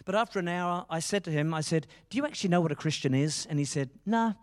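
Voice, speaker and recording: A man's voice: on the high side, fast talker, in a large hall. A middle-aged man preaching a sermon, passionate and full of told stories. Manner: passionate, storytelling with quoted dialogue. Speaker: pastor.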